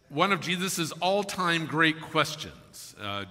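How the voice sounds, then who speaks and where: A man preaching a sermon, telling a story with animated asides and reading scripture. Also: on the high side, normal speed. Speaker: pastor. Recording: echoey hall.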